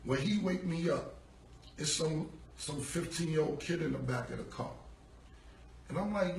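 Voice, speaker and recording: Streaming from a phone in a room, a rapper relates a long tale from his past in relaxed, profane street slang and performs the lines other people said. His voice is slightly high, animated and fried, at a moderate pace with frequent pauses. The phone picks him up from a distance, so the sound is echoey.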